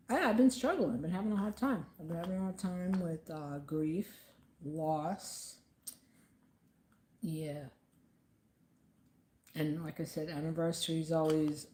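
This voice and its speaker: A woman with a low, mellow voice talks to camera from her home. Her speech rambles and stops often, full of "um" and restarts. The room gives a roomy echo. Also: slight background noise. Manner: rambling and halting, many fillers. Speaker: vlogger. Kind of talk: casual talk to camera about grief.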